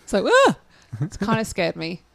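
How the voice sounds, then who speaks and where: A young English woman co-hosting a podcast, telling stories in a giggly, animated way. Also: medium pitch, fairly quick, vocal fry, no echo. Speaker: podcast co-host. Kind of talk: casual chat.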